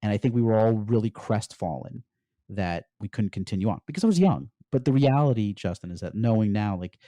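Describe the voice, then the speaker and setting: Brief: middle-aged man, low mellow voice, dry close sound, animated interview storyteller. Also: brisk, no echo. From United States. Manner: animated storyteller, peppers speech with "like". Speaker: podcast guest.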